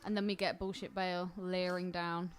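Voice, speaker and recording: A woman's voice: fairly low pitch, little pitch movement, moderate pace, clean tone. Teasing woman co-hosting a podcast. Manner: teasing, joking banter. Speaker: podcast co-host. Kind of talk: casual movie-commentary chat.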